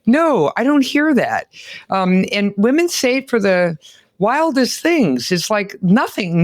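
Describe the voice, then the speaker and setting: A woman hosting a podcast interview, an animated, exclamatory storyteller. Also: medium pitch, dry recording, studio quality. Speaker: podcast host. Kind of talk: lively interview chat.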